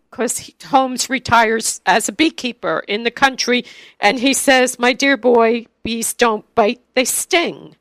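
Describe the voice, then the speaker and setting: A woman's voice: on the high side, fairly bright tone, smooth, no echo. A woman interviewing guests, chatty, and telling stories in a casual conversation. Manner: chatty storyteller.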